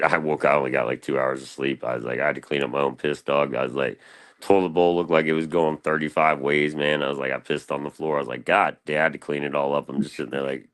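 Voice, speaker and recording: A young man, rambling through casual stories on a live panel stream, slangy and loose, full of fillers. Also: very deep voice. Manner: laid-back, slangy, loose storytelling with lots of fillers.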